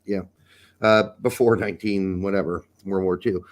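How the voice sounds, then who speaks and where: A man's voice: sits low, steady tone, normal speed. A middle-aged man co-hosting a casual podcast, riffing in joking, profane banter. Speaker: podcast co-host. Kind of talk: casual chat.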